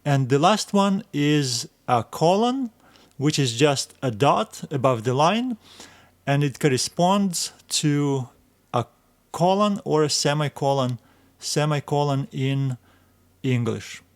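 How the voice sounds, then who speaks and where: A man's voice: fairly high pitch, expressive, slow pace. A man giving a recorded language lesson, explaining patiently step by step and naming letters one by one. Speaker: Greek language teacher.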